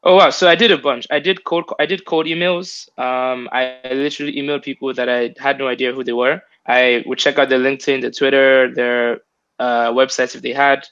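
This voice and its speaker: A man's voice: mid-range voice, fairly even intonation, a little fast, fairly bright tone, clean tone. A young man talks casually as an interview guest, circling through his thoughts with plenty of fillers and restarts. His voice sits mid-range, and the recording is slightly dull and lo-fi. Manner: rambling, many fillers and restarts. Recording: dull lo-fi sound.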